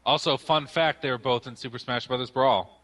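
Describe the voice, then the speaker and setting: A young man in a casual podcast chat, with a bright, slightly sharp tone. He explains things at length and pads his sentences with hesitant fillers. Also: mid-range voice, fairly even intonation, fairly quick. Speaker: podcast co-host.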